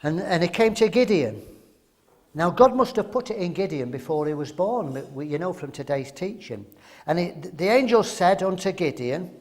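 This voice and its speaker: A man's voice: on the high side, very animated, moderate pace, darkish tone. An older man from England preaching a sermon, emphatic and full of rhetorical questions.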